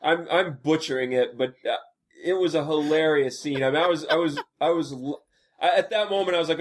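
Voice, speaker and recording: A male podcast guest in casual chat who stumbles and restarts his sentences as he tells a story. His voice sits fairly high for a man. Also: fairly quick. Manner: flustered, stammering with restarts.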